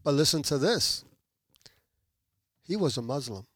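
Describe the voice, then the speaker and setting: Guest from Puerto Rico, a man with a fairly high voice, tells stories animatedly. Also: a little slow, no room sound, studio quality. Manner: animated, acts out quoted people. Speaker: podcast guest. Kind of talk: testimony storytelling.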